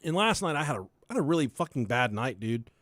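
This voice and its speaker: A man's voice: medium pitch, sing-song, fast, a bit bright, dry recording. A young man hosting a podcast, telling a story in a loose, profane way and laughing along with it. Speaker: podcast host. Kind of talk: casual storytelling chat.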